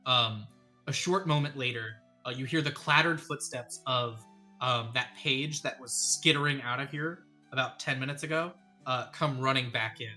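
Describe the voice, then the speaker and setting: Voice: mid-range voice, normal speed, pushed and bright, soft background music. A game master narrating a tabletop game in a rambling way, with many ums and uhs.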